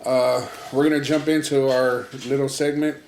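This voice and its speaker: A man's voice: mid-range voice, flat delivery, normal speed, reverberant, noisy background. Laid-back man telling a story. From California. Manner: laid-back storyteller acting out both sides of a conversation. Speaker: podcast co-host. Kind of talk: casual chat and storytelling.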